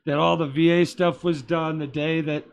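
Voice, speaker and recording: A man's voice: a little high, little pitch movement, moderate pace, creaky, muffled recording, a little hiss or hum. A man from Boston, a comedian guest, telling stories in a casual, rambling way with lots of asides. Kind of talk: casual storytelling chat. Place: small theater.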